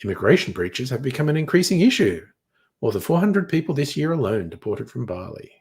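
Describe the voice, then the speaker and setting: A man's voice: medium pitch, sing-song, a little fast, a little mellow. A young man reading headlines in a casual chat, crude and sardonic, swearing freely. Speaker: streamer.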